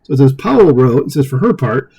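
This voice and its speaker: Dark-voiced man reading news with asides. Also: medium pitch, very animated, quick pace, vocal fry, breathy edge. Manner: conversational asides with frequent fillers and chuckles. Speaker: political commentary host. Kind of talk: casual commentary reading an article aloud.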